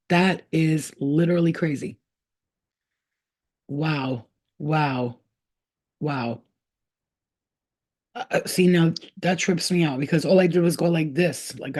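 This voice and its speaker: Animated, swearing woman giving a spiritual reading. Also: sits low. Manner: excitable, repeats words. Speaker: spiritual reader. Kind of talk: casual spiritual reading to viewers.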